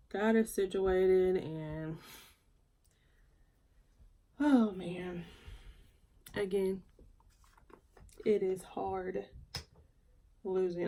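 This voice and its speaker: A woman talks slowly and haltingly, her voice low and soft with grief. She chats casually as she does her makeup at home, picked up by a camera mic with a faint hiss behind her. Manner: soft-spoken, halting, grieving. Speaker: beauty vlogger. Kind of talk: casual get-ready-with-me chat.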